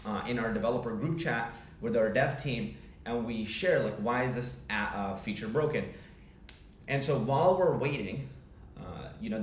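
A man's voice: medium pitch, slight background noise. Blunt, frustrated young man swearing freely. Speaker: tech company co-founder. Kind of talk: candid vlog storytelling. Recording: roomy with faint ambience.

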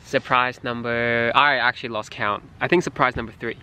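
A man's voice: mid-range voice, fairly even intonation, moderate pace, sharp tone, clean tone. A man chatting casually on a vlog in a playful, teasing way. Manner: playful, teasing, laughs often. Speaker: vlogger, partner giving surprises.

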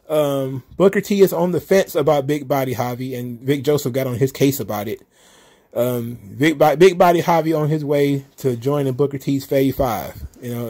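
A man's voice: on the high side, mellow. A man hosting a solo recap show, ranting in an exasperated, profane, casual way. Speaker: wrestling commentary host.

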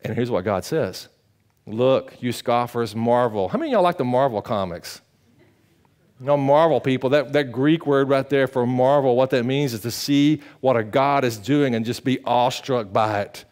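A man pastor, preaching a sermon, swinging from loud emphatic peaks to hushed low passages. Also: moderate pace.

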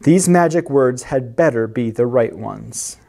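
A library storyteller reading picture books aloud to children. The voice rises and falls in a very lively way, and the reading moves at an unhurried pace. Questions and explanations for the young listeners are woven into the story. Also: medium pitch, gravelly. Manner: animated, asks listeners questions and explains words.

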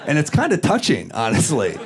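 A man in his thirties telling a stand-up story on a club stage, with a dry, deadpan delivery and wry asides. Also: a little high, a little fast, some chatter behind. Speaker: stand-up comedian. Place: comedy club stage before a laughing audience. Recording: live set with clear audience laughter.

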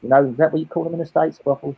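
A man's voice: a little high, steady tone, rapid-fire, gravelly, breathy edge, phone-quality sound. A Cockney man in his late fifties, a guest telling his own life story in a rambling way, often repeating and restarting his words. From England. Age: 50s. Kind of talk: candid personal storytelling.

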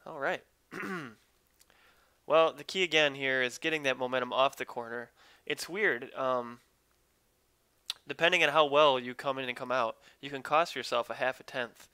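A man's voice: mid-range voice, moderate pace, pushed and bright, clean tone, no room sound. A man commentating his own online racing game live, chatting with viewers while he drives. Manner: upbeat, talks to chat while driving.

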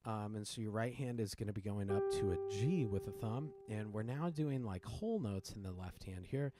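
A man explaining his piano piece in a casual tutorial, relaxed, with many fillers and restarts, counting beats aloud. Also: fairly low pitch, normal speed. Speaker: piano teacher and composer.

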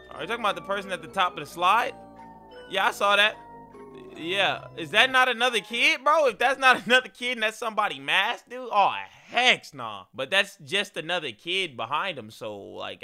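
A young man reacting to scary clips, excitable and full of slang, yelping and shouting at the scares. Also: high-pitched. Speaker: video reaction host.

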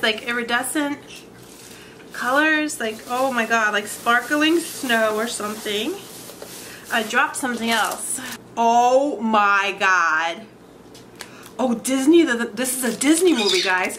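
A woman beauty vlogger excitedly unboxing makeup, gasping and gushing as she talks. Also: mid-range voice, noisy background. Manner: gushing, gasping, many "oh my god"s.

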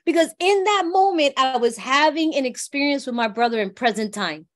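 Middle-aged woman from New York, high voice, heartfelt and conversational recovery share. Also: normal speed, hardly any pauses, a bit bright. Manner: heartfelt, conversational, often asks "you know what I mean". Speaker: workshop speaker.

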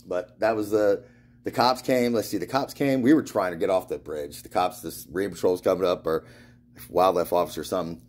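A man's voice: low-pitched, fairly quick, darkish tone. A man from Florida in a meandering spiritual monologue, swearing often and laughing through his stories. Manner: meandering, restarts and trails off. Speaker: spiritual vlogger. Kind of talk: rambling monologue.

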